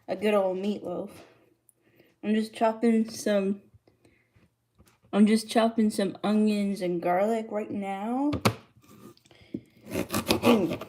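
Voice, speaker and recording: Slow-talking woman chatting on a livestream. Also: medium pitch, noisy background. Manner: chatty, greets viewers and reads chat aloud. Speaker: livestreamer cooking on camera. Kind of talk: casual livestream chat. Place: home kitchen, indoors. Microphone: streaming mic.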